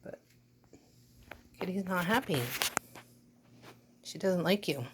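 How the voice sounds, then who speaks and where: A woman with a lowish voice films her dog and cat at home on a rainy day, taking her time as she narrates casually against a noisy background. With the dog she switches to a soothing pet voice.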